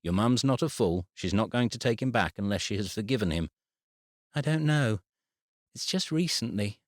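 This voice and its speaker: A fretful grown daughter worrying about her parents, as a male narrator reads her in a lifted voice. The lines lean upward in pitch and swing widely, in a dry, close storybook recording. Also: expressive, normal speed, no echo, natural voice. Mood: anxious. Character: woman, anxious adult daughter Susie.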